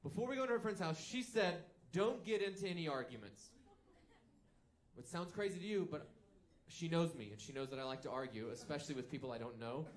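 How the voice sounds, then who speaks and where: A man doing a stand-up comedy set, telling stories deadpan with bursts of mock outrage. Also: fairly high pitch, quick pace. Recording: live stand-up set with audience.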